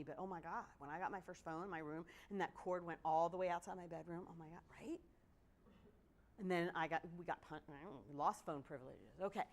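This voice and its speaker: Animated woman giving a conversational lecture. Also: lowish voice. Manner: animated and conversational, acting out quoted excuses. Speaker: presenter at a court training session. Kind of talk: casual spoken lecture.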